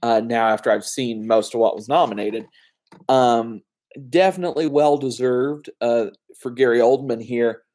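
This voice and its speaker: Speaking at a moderate pace with a steady, slightly mellow tone, this male film reviewer has a plain mid-range voice. His casual solo movie review drifts from opinion to opinion, dotted with fillers and little digressions.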